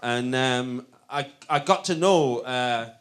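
A man's voice: mid-range voice, slow, a bit bright, clean tone. A man with a Northern English accent telling rambling comic anecdotes in a casual chat, often breaking into laughter. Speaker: comedian guest.

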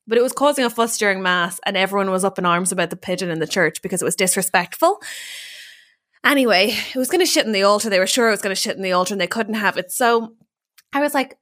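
A young Irish woman chatting as a comedy podcast guest, an animated storyteller with lots of fillers and restarts. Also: mid-range voice, quick pace. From Ireland. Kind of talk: casual podcast chat.

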